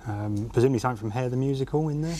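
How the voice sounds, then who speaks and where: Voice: mid-range voice, racing, mellow, a little hiss or hum. A quiz contestant giving brief, matter-of-fact answers.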